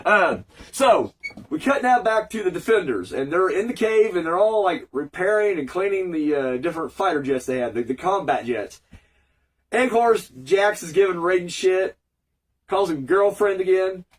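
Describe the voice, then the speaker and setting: A man's voice: high-pitched, animated, normal speed, distant mic. A man with a cold giving a casual, rambling, sweary recap review of an episode, full of fillers. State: fighting a cold.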